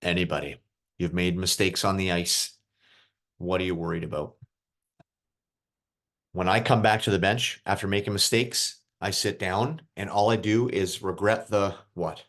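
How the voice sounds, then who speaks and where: This youth hockey mental coach has a deep, somewhat bright voice and a moderate pace. Over a video call, he runs an online group session for young players, casual and encouraging, full of questions for them.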